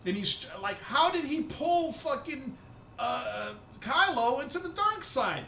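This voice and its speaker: A man hosting a profane, excitable fan rant, loud and swearing freely. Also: very high-pitched, slow pace, vocal fry, reverberant, slight background noise. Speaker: host of a rant video.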